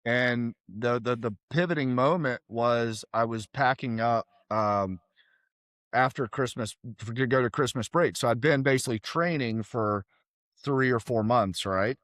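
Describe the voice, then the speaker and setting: Middle-aged man, podcast guest, lively storyteller who voices the people he quotes, mid-pitched, dry mic. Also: measured pace, no room sound. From South Carolina, USA. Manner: animated, acts out quoted voices. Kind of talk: casual storytelling.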